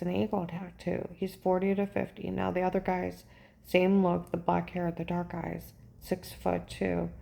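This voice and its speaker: A woman telling a personal story in a rambling, agitated way, often pausing to ask "okay?" and trailing off. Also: lowish voice, creaky, dark tone. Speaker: vlogger recounting a personal ordeal.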